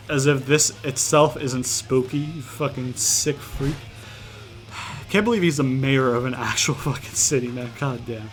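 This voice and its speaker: A young man from outside the US giving rambling, profane let's-play commentary, breaking into loud exasperated rants. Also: medium pitch, steady tone, unhurried, soft background music. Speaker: gaming YouTuber.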